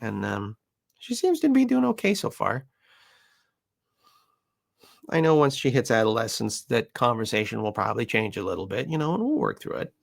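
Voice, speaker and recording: A man who trains dogs, chatting casually and telling animated stories, often laughing and switching into high, playful voices for the people and dogs he quotes. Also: normal speed, gravelly, long pauses. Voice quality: chatty with frequent fillers and laughs. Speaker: dog trainer. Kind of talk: casual chat.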